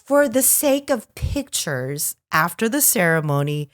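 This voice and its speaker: A woman co-hosting a podcast, telling a wedding story in a casual chat and acting out the quotes with lively energy. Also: lowish voice, a little slow, no echo, studio quality. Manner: animated, lively storyteller who acts out quotes. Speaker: podcast co-host.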